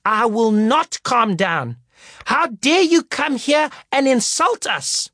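A furious woman teacher shrieks her outrage in a high, strained voice, as a male storyteller puts her on. She lashes out in sharp, scolding bursts that swoop up and down. The sound is close and dry. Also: expressive, takes it slowly, no echo, exaggerated voice. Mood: indignant. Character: livid, indignant woman teacher scolding a performer.

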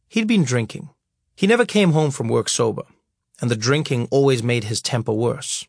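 A man's voice: mid-range voice, animated, normal speed, vocal fry, no room sound. A man reading his memoir aloud, wry and storytelling, on a close studio mic. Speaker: narrator.

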